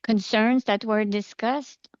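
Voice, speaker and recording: A woman interpreting a committee chair live into English, steady, with frequent filler pauses. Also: fairly high pitch, no echo. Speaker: simultaneous interpreter. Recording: dull lo-fi interpretation feed.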